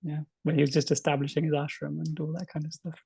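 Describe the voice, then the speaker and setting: A man co-hosting a book discussion podcast, speaking in a measured, reflective way with some fillers. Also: a little high, level tone, creaky, dark tone, slightly rough, no room sound. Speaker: podcast co-host.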